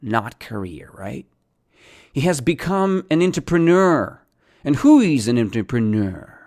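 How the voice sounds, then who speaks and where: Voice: medium pitch, big pitch swings, measured pace, darkish tone. An English teacher giving a podcast lesson, asking simple questions and answering them, repeating key words.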